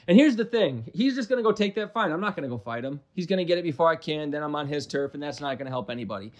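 A young man from the Midwest talks through his game footage in a loose, rambling way. His voice sits a little high for a man, and he mocks his own play with casual swearing. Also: lively intonation, racing. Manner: rambling, self-deprecating, profane asides. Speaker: gaming commentator.

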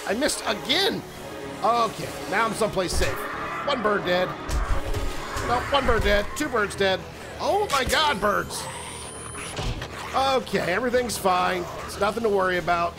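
A man commentating his own survival game run, joking and talking to the enemies as he plays. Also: high voice. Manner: jokey, talks to enemies, animated outbursts. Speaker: gaming video host. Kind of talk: let's play commentary.

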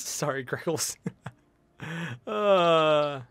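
A young man streaming a shooter game, chatting casually and jokily with teammates and bursting into shouts. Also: a little high, moderate pace. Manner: excitable, jokey, sudden shouts. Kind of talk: casual gameplay commentary.

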